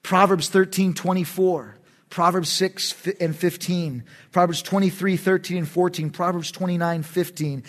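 A middle-aged man, a pastor preaching a sermon in an animated, emphatic way, with sudden loud bursts. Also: high voice, moderate pace.

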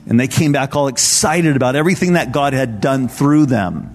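A man's voice: mid-range voice, normal speed, long reverb tail, a little hiss or hum. A man preaching as a pastor at a church service, telling stories in a casual, earnest way. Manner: conversational, earnest storytelling. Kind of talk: sermon.

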